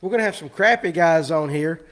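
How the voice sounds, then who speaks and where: A man's voice: on the high side, brisk, a bit bright. A man hosting a live fishing show, rambling and teasing his guests in casual chat.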